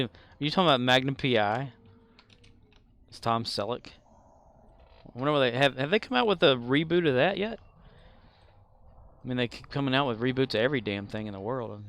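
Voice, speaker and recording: A man's voice: mid-range voice, fairly bright tone. A man streaming a game, chatting casually with viewers in a rambling way and chuckling often. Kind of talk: casual live-stream chat.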